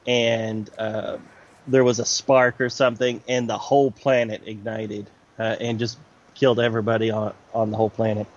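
A man co-hosting a podcast, talking in a relaxed, rambling way with many fillers. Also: on the low side, moderate pace. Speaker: podcast co-host. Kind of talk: casual chat about comics. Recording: slightly dull lo-fi audio.

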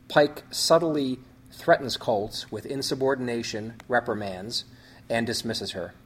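A man with a husky, mid-pitched voice reads a story synopsis aloud as host. He moves through it in measured phrases and now and then stops to restart a word.

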